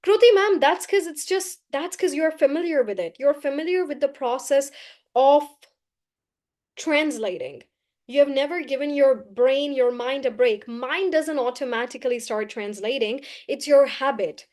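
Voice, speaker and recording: A woman teaching a live online class, brisk and coaxing, often repeating key phrases. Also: high voice, darkish tone. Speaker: English teacher.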